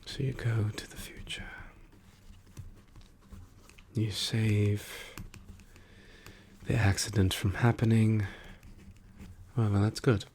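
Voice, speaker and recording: An ASMR performer plays a wry male trickster god turned weary file clerk, murmuring in whispered role-play. His voice is fairly low, unhurried and drawn out with long pauses, soft and musing, with little pitch movement and a slight hiss or hum.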